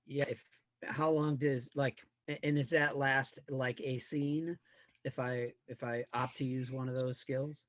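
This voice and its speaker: A man's voice: mid-range voice, flat delivery, measured pace, fairly bright tone, no echo. A man in the middle of his range, on a dry-sounding video call, plays in a tabletop game. He asks hesitant questions and often stops and restarts them. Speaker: player. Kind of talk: casual chat in a tabletop game.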